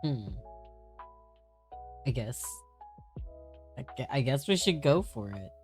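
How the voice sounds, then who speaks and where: Low-voiced woman playing a tabletop game. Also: expressive, slow pace, darkish tone. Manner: enthusiastic, short reactions. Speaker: player, streamer. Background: faint background music.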